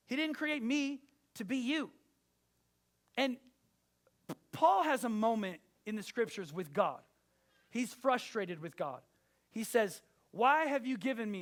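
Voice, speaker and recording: A male pastor delivers a sermon in a fairly high voice. He speaks emphatically, addressing his listeners directly and pressing his points home. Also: fairly bright tone.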